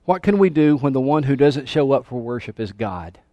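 A man's voice: mid-range voice, expressive, a little fast, warm tone, no echo. A male pastor preaching a sermon with emphasis, calling out questions to his congregation. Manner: emphatic, calls for congregation response. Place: church sanctuary.

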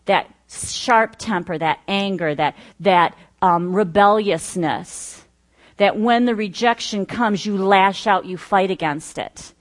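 A woman's voice: mid-range voice, slow. A middle-aged woman teaching earnestly, listing points with personal asides. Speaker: Bible study teacher. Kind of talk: teaching talk.

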